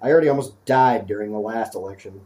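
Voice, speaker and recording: A man's voice: lowish voice, fast, dark tone. A man co-hosting a podcast, bantering sarcastically with crude jokes and mock voices. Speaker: podcast co-host.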